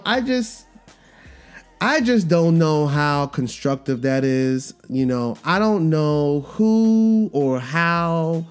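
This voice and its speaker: A man's voice: fairly high pitch, a little mellow. A man hosting a podcast, talking in a rambling, conversational way and acting out the voices he quotes. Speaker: podcast host. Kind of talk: casual podcast monologue.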